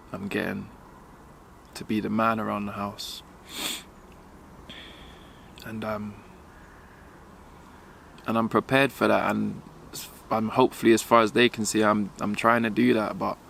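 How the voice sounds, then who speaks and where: A young man vlogging while walking outdoors, speaking haltingly as he holds back tears, with many pauses and fillers. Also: on the low side, flat delivery, gravelly, fairly bright tone, a little hiss or hum. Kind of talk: emotional personal vlog.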